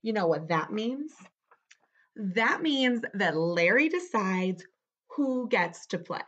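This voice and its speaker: A bossy, excitable book character, read by a woman, who swoops up and down in pitch as he exclaims and coaxes. He talks slowly over a dull, lo-fi home video recording. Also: heavily acted. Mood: playful. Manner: exclaims and coaxes the listener into actions.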